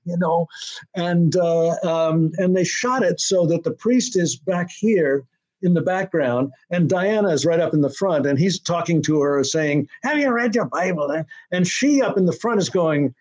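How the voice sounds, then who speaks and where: Older man with a high voice, rambling. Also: measured pace, darkish tone. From United States. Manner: rambling with many restarts and fillers. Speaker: TV writer-director being interviewed. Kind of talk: casual interview storytelling.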